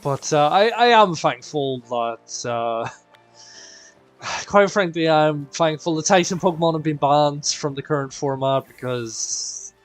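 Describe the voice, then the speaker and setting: A man's voice: fairly high pitch, measured pace. A man hosting a live stream, chatting playfully with his viewers. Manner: animated and playful, addressing chat as "people". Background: faint game music.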